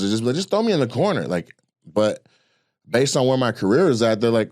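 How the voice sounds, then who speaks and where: A man's voice: medium pitch, a little fast, no room sound, studio quality. A middle-aged man, a comedian, talking casually and animatedly about culture and his own career, telling stories and acting out quoted people. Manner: loose, animated storytelling with quoted voices and swearing. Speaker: comedian and podcast co-host. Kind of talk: casual opinion chat.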